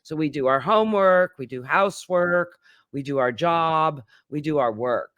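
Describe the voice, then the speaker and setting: Slow-speaking man teaching English grammar. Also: fairly high pitch, a bit bright, no echo, studio quality. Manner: patient explaining with many examples and fillers. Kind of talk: recorded grammar lesson.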